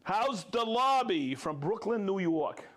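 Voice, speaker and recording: A man's voice: high-pitched, very animated, slow pace, fairly bright tone. A man hosting a casual live stream, upbeat and joking as he reads out viewer names. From United States. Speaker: livestream host.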